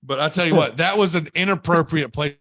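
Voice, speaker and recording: A man hosting a podcast, telling a story in an animated, exaggerated way and wrapping up the show casually. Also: a little high, a little fast, dry recording, clean studio sound. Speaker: podcast host.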